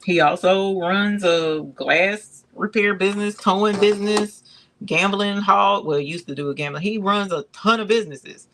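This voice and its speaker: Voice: mid-range voice, fairly even intonation, normal speed, a bit bright, a little hiss or hum. An embroidery channel host chatting casually on a livestream, calling viewers y'all and reading out chat comments.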